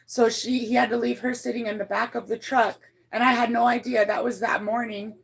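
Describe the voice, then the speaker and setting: Gravelly-voiced woman telling a story on a livestream. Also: flat delivery, a little fast. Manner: rambling, blunt, swears freely, many restarts; emotional, voice climbs high when moved. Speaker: livestreamer reading her chat.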